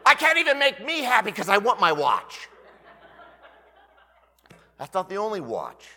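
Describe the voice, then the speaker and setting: A man in his fifties preaching as pastor, telling a personal story in an animated way that swings between loud bursts and hushed asides. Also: sits high, measured pace, in a large hall. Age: 50s. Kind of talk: storytelling sermon.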